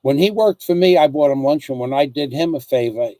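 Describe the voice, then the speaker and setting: A middle-aged man tells a long, rambling story in a casual chat, circling back and repeating phrases as he goes. His voice sits a little high for a man. The recording is dry and close, with no room sound. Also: brisk, dark tone, no echo. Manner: rambling, repeats himself while telling stories. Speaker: host reading viewer comments.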